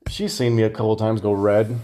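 A man's voice: on the low side, steady tone, brisk, dark tone. A man on a casual podcast telling a fight story with lots of swearing and laughter. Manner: profane storytelling, laughing through anecdotes. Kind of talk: casual chat.

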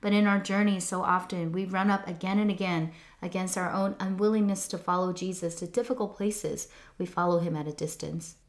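A woman reads a devotional reflection in a slightly low voice. Her delivery is earnest and measured, with a reflective, unhurried tone. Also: steady tone. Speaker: devotional speaker.

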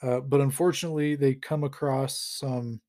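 A man's voice: medium pitch, fairly even intonation, normal speed, dark tone. A man recapping a comic story in casual chat, rambling with lots of fillers and frequent chuckles. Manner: rambling and amused, chuckles often, heavy use of fillers. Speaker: podcast host recapping a comic.

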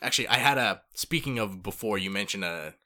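A young man from Canada, co-hosting a casual chat and telling stories in an animated way, swearing freely. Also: on the low side, brisk.

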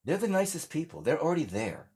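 A man's voice: on the high side, big pitch swings, quick pace, a little mellow, slightly rough. An older American man, a singer-songwriter, chatting casually in an interview and telling rambling stories with lots of restarts. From United States. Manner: rambling storyteller, many restarts and fillers.

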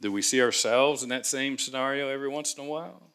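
A man preaching a sermon, dramatic and animated, acting out scripture scenes with emphatic pauses. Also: medium pitch, smooth. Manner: dramatic, voices the angel with thunderous emphasis. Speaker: pastor.

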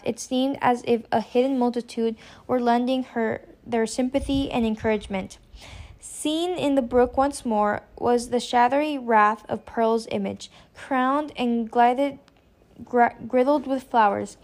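A woman reading a classic novel aloud in a measured, expressive way, with an occasional stumble. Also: a little high. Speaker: audiobook reader.

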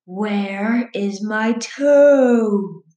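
A woman voicing a groaning unseen creature that hunts its lost toe, dragging each word out slowly in a moaning voice. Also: medium pitch, mellow, roomy sound, muffled recording. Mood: eerie. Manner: slow drawn-out moaning.

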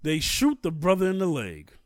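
A man's voice: a little high, wildly swooping pitch, moderate pace, no room sound, clean studio sound. A man co-hosting a casual talk, recounting a story at length and growing emphatic as he goes. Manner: storytelling, grows heated and emphatic. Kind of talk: casual conversation.

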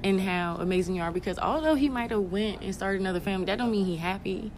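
A woman's voice: medium pitch, fast talker. Playful woman host over crowd noise. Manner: chatty, reactive and playful with slang. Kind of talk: casual chat.

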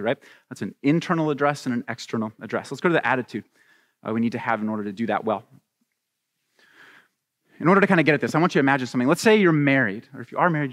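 A man preaching a sermon as a pastor, animated and acting out little scenes with voices. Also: on the high side, in a large hall.

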